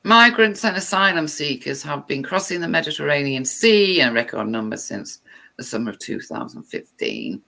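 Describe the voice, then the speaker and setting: A woman's voice: deep voice, sing-song, normal speed, creaky, bright, forceful tone. A woman vlogger reading text aloud and breaking off for sarcastic, irritated remarks.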